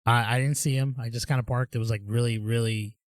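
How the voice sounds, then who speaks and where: A man's voice: mid-range voice, fairly even intonation, fast, dry recording. A man co-hosting a casual podcast chat, telling long, rambling stories full of "dude" and "like". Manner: rambling storyteller, says dude. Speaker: podcast co-host.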